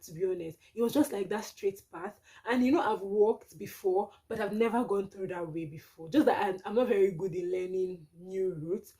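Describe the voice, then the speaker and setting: Nigerian girl doing a storytime vlog, warm mellow voice, super animated and dramatic. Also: medium pitch. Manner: animated, dramatic retelling with exclamations. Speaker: vlogger.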